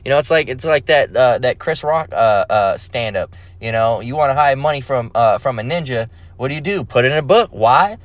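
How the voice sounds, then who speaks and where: A man's voice: mid-range voice, animated, moderate pace, few pauses, no room sound. A man preaching a profane, mocking rant, quoting scripture and stammering in repeats. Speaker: religious video preacher.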